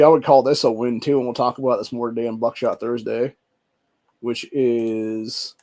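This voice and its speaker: A man's voice: mid-range voice, darkish tone. An American man hosting a solo podcast, reading out news headlines and reacting with a profane, ranting and casual manner, often calling listeners "dude". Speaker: podcast host.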